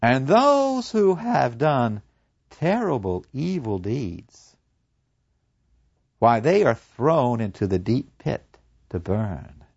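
A man's voice: medium pitch, big pitch swings, slow, vocal fry, long pauses, a little mellow, slightly rough, no room sound, highs cut off, exaggerated voice. A man voicing a serene old male philosopher awaiting execution, preaching earnestly and acting out other voices. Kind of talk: dramatic storytelling.

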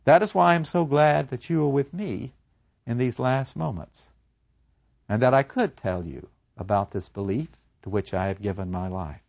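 A man's voice: medium pitch, normal speed, vocal fry, darkish tone, dry recording, muffled recording. A man voicing a serene old male philosopher awaiting execution, preaching earnestly and acting out other voices. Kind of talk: dramatic storytelling.

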